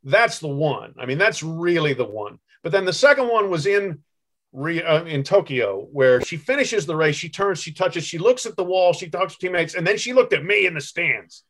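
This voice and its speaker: Middle-aged man with a fairly high voice. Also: expressive, moderate pace, a bit bright. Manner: easygoing, laughs often, tells stories fondly. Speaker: guest sportswriter. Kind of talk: casual interview chat.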